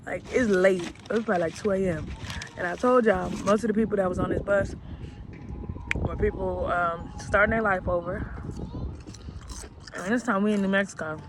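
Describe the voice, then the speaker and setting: A woman vlogger tells a story in a chatty, unhurried way, full of slang. She talks casually to her viewers. Loud outdoor and traffic noise sits clearly behind her voice. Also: medium pitch, steady tone. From Alabama, US South. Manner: laid-back, slangy and chatty. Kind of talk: storytelling vlog.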